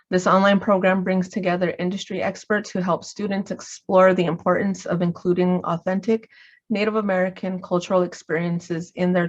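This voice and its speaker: A woman from New Mexico hosting a webinar, reading announcements in an even, measured way. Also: lowish voice. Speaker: webinar host. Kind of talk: scripted webinar introduction. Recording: dull lo-fi webinar audio.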